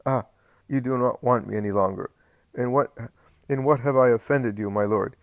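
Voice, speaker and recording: A man's voice: medium pitch, moderate pace, dry recording, natural voice. A man voicing a grieving old male teacher who pleads through tears in a read-aloud story. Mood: pleading, distraught. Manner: sobbing, pleading outbursts.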